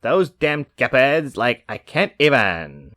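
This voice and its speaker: Barbarian king with a slow valley-girl drawl, done by a male reader. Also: mid-range voice, sing-song, a bit bright, no echo, studio quality.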